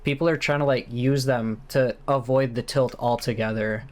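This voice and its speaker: A man co-hosting a podcast, talking in a relaxed, chatty way full of filler words. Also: mid-range voice, moderate pace. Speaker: podcast co-host. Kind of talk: casual fan discussion.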